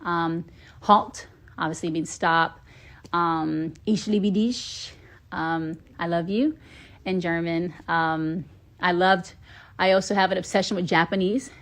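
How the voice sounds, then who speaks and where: A woman's voice: on the low side, takes it slowly. A woman from Atlanta, Georgia, chatting casually on a phone livestream and answering fans' questions with lots of ums. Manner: chatty, many ums, playful accent switching. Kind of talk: casual chat.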